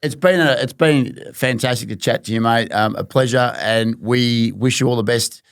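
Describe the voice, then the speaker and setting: A man's voice: mid-range voice, moderate pace, clear, resonant tone, dry recording, studio quality. A man co-hosting a podcast, joking in an easygoing way. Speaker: podcast co-host. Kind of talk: casual banter.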